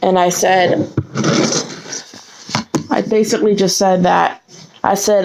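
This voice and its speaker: Woman telling a personal story on camera, earnest, gets worked up and her voice shoots up high when she's mad. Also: flat delivery, takes it slowly, creaky, long pauses, a little mellow. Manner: earnest, heated retelling that rises sharply in pitch when indignant.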